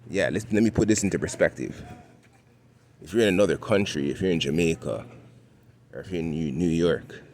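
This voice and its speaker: A man with a Toronto accent and a very low, deep voice talks casually while walking outdoors. He sounds laid-back, chuckles often and keeps checking in with "right?". A faint city hum runs behind him. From Canada. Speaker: vlogger. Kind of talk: casual walking vlog monologue.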